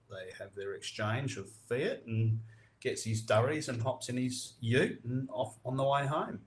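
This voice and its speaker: A man's voice: mid-range voice, a little slow, slight background noise. A man with an Australian accent, hosting a podcast and explaining local slang in crude, laid-back casual chat. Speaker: podcast host.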